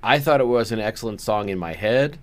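A man's voice: fairly low pitch, expressive, brisk. A man co-hosting a movie podcast, giving dry, opinionated takes with wry asides. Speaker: podcast co-host. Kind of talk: casual movie review chat.

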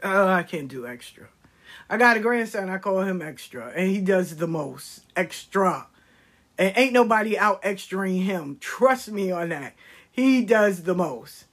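A middle-aged woman telling comedic stories in a casual, animated way, swearing freely. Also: medium pitch, unhurried. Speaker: storyteller.

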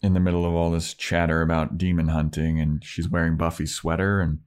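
A man co-hosting a podcast, casually recapping TV scenes with quick character voices and casual swearing. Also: deep voice, flat delivery, darkish tone, smooth. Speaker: podcast co-host.

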